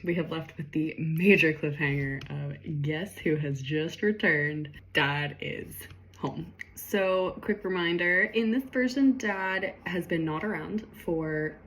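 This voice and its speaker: A woman's voice: low voice, takes it slowly, a bit bright, slight background noise. A young woman chatting casually and laughing at herself as she rereads her old story. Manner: chatty and self-mocking, laughs often. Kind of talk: casual commentary on her own writing.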